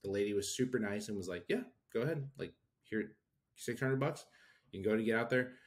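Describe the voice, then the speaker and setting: A man in his thirties, co-hosting a podcast, telling a story in a casual, animated way and acting out the people he quotes. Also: on the low side, a little fast. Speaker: podcast co-host. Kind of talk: casual chat.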